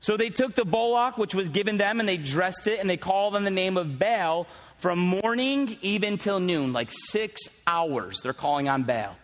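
A man's voice: sits high, expressive, moderate pace, big-room sound. A male pastor preaching a sermon at a church service, conversational and teasing with casual asides.

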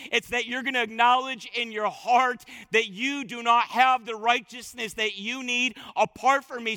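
Guy preaching a sermon, really high bright voice, keeps repeating words to hammer it home, dry close sound. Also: dry recording. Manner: emphatic, repeats words and phrases for stress; swings from loud bursts to hushed asides. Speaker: pastor.

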